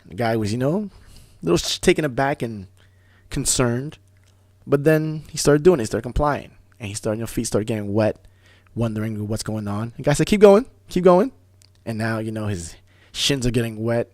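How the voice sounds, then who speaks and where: A man hosting a talk radio show, telling stories in a casual, animated way, often restarting words. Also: mid-range voice, no echo, studio quality. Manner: animated storyteller, fast bursts, repeats and restarts words. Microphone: studio microphone.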